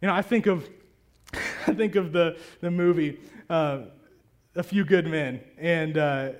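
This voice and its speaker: A man preaching a sermon to a congregation in a conversational, animated way. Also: fairly high pitch, measured pace. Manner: conversational and animated, acting out prayers. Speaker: pastor. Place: church hall with a congregation.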